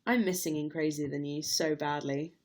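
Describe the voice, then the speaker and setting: A woman's voice: sits low, fairly even intonation, moderate pace, darkish tone. A young woman, casually chatting on a livestream and reading out viewer comments, laughing readily. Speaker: livestream host.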